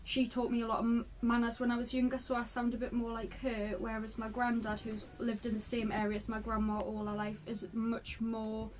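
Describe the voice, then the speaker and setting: A woman's voice: fairly high pitch, monotone, fairly quick, few pauses, slight background noise. A young woman from North East England with a mild regional accent, chatting thoughtfully in an interview. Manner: chatty, thoughtful, a few ums. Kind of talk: casual interview answers.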